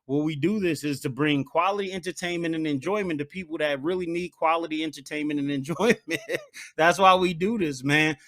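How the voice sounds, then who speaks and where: Hyped-up podcast host man, high bright voice. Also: a little fast. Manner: animated, hypes himself up, says "man" a lot. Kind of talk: solo podcast monologue.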